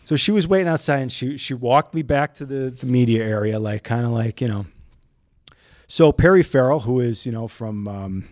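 Guest storyteller: Chicago man with an animated, lively, up-and-down mid voice, dry close sound. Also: medium pitch, normal speed, no echo. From Chicago, USA. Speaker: news photojournalist, guest. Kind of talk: storytelling in casual chat.

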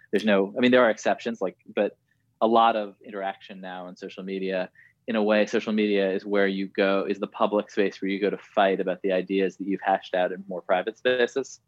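Guest, male, low-pitched, thoughtful and hedging, dull dry remote audio. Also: no echo. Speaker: journalist guest. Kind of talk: casual interview chat.

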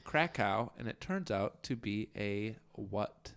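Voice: mid-range voice, animated, takes it slowly, clear, resonant tone. Hesitant, amused podcast co-host. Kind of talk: casual podcast chat.

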